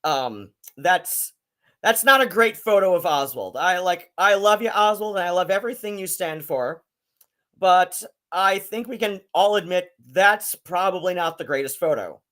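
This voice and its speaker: A man's voice: high voice, animated, normal speed, pushed and bright. A man hosting a casual live-stream commentary, rambling and swearing, with many fillers and restarts.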